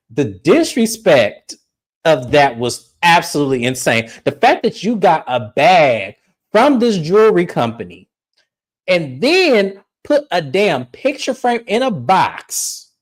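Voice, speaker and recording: A woman's voice: low voice, very animated, a little slow. A woman co-hosting a casual reality TV recap, blunt and profane as she retells scenes with mimicry. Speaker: podcast co-host. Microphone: streaming setup mic.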